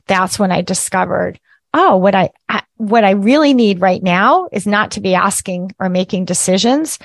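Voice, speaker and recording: A woman gives a casual spiritual teaching, talking chattily and tossing in "right?" as she goes. Her voice sits in a middle pitch and laughs come easily. The sound is dry and close. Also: no echo. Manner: chatty, often ends with "right?"; lively, laughs at herself.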